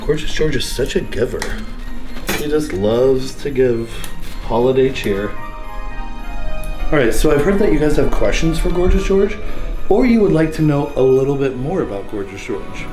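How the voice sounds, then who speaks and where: A man's voice: mid-range voice, animated, moderate pace, faint music behind. A tattoo artist man in his thirties from California, giving a playful home tour and talking about himself in the third person in a campy, theatrical way.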